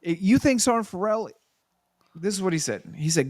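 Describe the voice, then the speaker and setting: A man who served in the Army, co-hosting a casual chat and telling an animated, profane story. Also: high voice, moderate pace, dry recording, studio quality. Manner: animated storyteller, profane, acts out quoted people. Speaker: podcast co-host, Army veteran.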